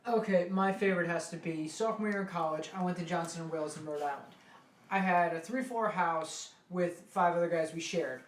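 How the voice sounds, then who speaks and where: A man's voice: fairly high pitch, brisk, slight background noise. Brash young man in an echoey room. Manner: brash, profane, punchy delivery. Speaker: guest. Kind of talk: casual storytelling.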